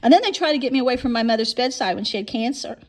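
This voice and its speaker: A woman's voice: a little high, lively intonation, rapid-fire. A woman in her fifties telling a long personal story in a monologue, rambling and often repeating or restarting her words.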